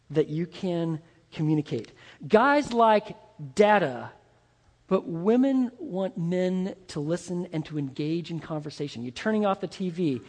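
A man with a high, bright voice preaches with force, talking straight to his listeners and pushing rhetorical questions at them. His sermon rings out with a long reverb, as if spoken across a large church hall. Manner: emphatic, addresses listeners directly with rhetorical questions. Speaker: pastor.

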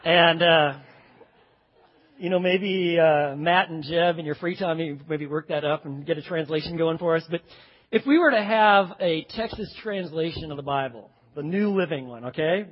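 A man preaching a sermon as pastor, with a folksy, joking and animated delivery. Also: fairly high pitch, normal speed. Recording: dull sound with long hall reverb.

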